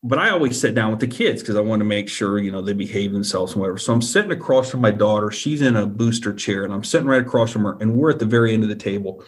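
A man's voice: lowish voice, quick pace, few pauses. Earnest man retelling a frightening encounter. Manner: repetitive, keeps checking in with the listener. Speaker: guest telling a personal encounter. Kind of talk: earnest first-person storytelling.

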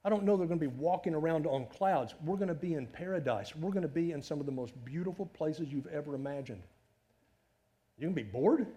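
This middle-aged pastor talks quickly with a somewhat high voice, giving an animated, conversational sermon full of rhetorical questions.

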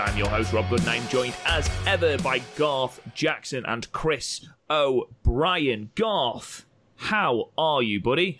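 A man hosting a casual wrestling podcast chat from the UK, joking with his co-hosts and laughing often. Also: medium pitch. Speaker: podcast host.

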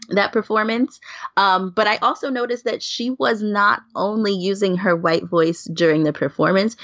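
A podcast guest from New York, this woman talks casually in a lowish, gravelly voice, laughing a lot and restarting sentences filled with fillers. The recording is dry, dull and lo-fi.

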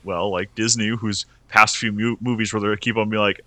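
A man's voice: on the low side, steady tone, a little fast, pushed and bright, no echo. A young man co-hosting a casual film review podcast, rambling and restarting his sentences often. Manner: rambling, restarts often, laughs between points. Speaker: podcast co-host.

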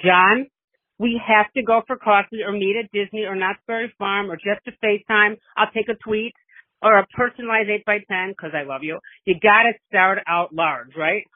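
A woman's voice: mid-range voice, fairly even intonation, normal speed, no echo. A middle-aged woman leaving a long, chatty voice message, gushing and rambling. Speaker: listener calling in with a voice message. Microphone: phone. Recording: tinny phone line.

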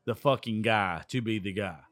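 Slightly drunk and loud-mouthed, this Georgia-born radio host with a Southern accent does live sports commentary on a profane call-in style show. He speaks at normal speed in a lowish, fairly bright voice, recorded dry with studio quality.

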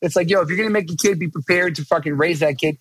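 A man's voice: fairly high pitch, fast talker, fairly bright tone, breathy edge, dry recording. A middle-aged man talking as a podcast guest in casual chat, emphatic, profane and rambling, restarting his sentences.

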